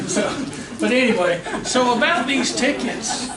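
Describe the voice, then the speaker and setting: A man's voice: high-pitched, expressive, a little slow, very noisy. A man, a real estate trainer telling jokes and stories to a seminar audience. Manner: storytelling, jokey, talks to the room. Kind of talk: joke-filled seminar talk. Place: meeting room. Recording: echoey meeting room, faint ambience.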